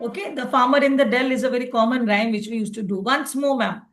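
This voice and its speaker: A woman's voice: fairly high pitch, fast, loud music behind the voice. A woman teaching a phonics lesson online, explaining patiently and checking in with "okay" often.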